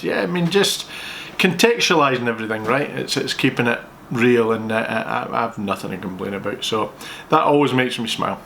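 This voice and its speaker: A man's voice: medium pitch, fairly bright tone, slight background noise. An older man answering viewer questions at home in a jokey, rambling, self-deprecating way. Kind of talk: casual chat.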